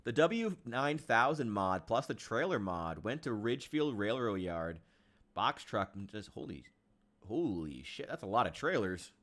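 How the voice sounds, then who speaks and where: A man's voice: lowish voice, big pitch swings, measured pace, fairly bright tone. A man from Illinois chatting casually while streaming a game, ranting in frustration, swearing and sighing often. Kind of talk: casual live-stream chat while gaming.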